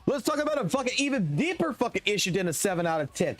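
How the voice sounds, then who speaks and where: Man, game streamer, live rant, heavy swearing, high voice, faint music behind. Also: quick pace, hardly any pauses. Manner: heavy swearing, animated and excitable. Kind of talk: profane live stream rant while gaming.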